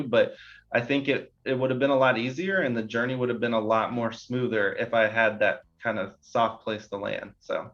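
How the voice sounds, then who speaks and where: A man's voice: medium pitch, fairly even intonation, moderate pace, a bit bright. Earnest man rambling with fillers. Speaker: podcast guest. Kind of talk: casual interview chat. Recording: slightly dull lo-fi sound.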